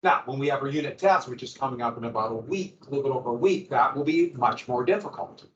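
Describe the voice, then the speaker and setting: In a classroom, a man teaches a history lecture to his students, explaining things in a loose, conversational way. His mid-range voice is fast with lively intonation, and the lo-fi recording sounds echoey and dull, with background noise.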